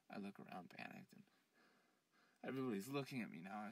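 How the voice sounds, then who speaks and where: A man telling a scary first-person story, acting out the other people's lines and swinging between hushed whispers and frantic shouts. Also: medium pitch, fairly quick, husky, no room sound, far from the mic.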